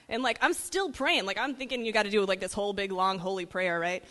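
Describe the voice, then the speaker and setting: A woman from a ministry team telling a lively testimony story, animated and laughing as she goes. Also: medium pitch, fast, few pauses. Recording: reverberant hall.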